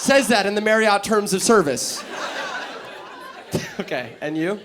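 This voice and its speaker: A man's voice: high voice, animated, unhurried. A man from New York City doing stand-up crowd work on a comedy club stage, brash, profane and teasing the audience. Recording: noisy live club recording.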